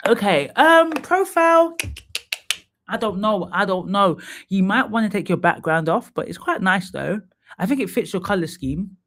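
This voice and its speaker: A man's voice: high-pitched, moderate pace, fairly bright tone. A man hosting a live stream, giving candid, chatty feedback and calling viewers by name. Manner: drops into sung snatches and playful asides. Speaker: live stream host reviewing profiles. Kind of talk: casual live stream chat.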